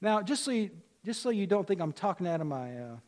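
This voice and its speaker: A man's voice: high voice, big pitch swings, a little fast, darkish tone. A man in his forties preaching a sermon in a conversational way, repeating phrases and rising for emphasis. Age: 40s. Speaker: pastor.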